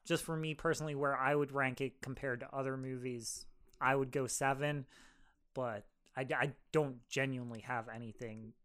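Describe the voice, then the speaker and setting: A man's voice: medium pitch, fairly even intonation, a bit bright, clear, resonant tone. A man co-hosting a film review podcast, easygoing, teasing his partner and laughing often. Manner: easygoing, quick to laugh and tease. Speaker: podcast co-host. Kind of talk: casual chat.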